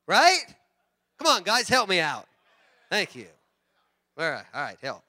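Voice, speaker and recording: A man pastor preaching a sermon in church, animated and joking with the congregation. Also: high-pitched, a little slow, pauses often. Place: church sanctuary.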